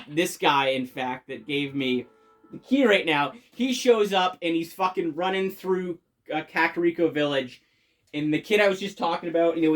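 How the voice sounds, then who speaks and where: A game reviewer talking casually and enthusiastically, swearing constantly and rambling with many fillers and restarts. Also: mid-range voice.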